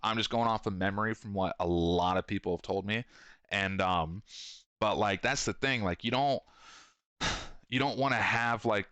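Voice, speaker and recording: A man's voice: fairly low pitch, moderate pace, pushed and bright, clear, resonant tone, no room sound. A man in his thirties talking casually, rambling, swearing a lot and acting out quotes as he tells stories. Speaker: podcast host and shop owner. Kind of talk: casual profane monologue.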